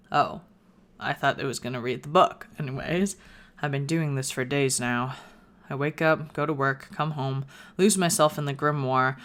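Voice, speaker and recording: Low-voiced woman reading a game aloud. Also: a little hiss or hum. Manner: narrates in first person with playful asides. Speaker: gaming video creator. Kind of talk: reading a visual novel aloud with commentary.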